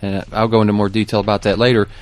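A man speaking as a guest in a casual commentary, hesitant and slow with many ums. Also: on the low side, level tone, no echo.

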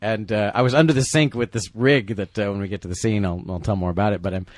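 A man recording a casual film commentary, telling animated behind-the-scenes stories and acting out quotes. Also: fairly low pitch, fast talker, dry recording, clean studio sound. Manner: animated storyteller, acts out quotes. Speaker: special effects artist on a movie commentary.

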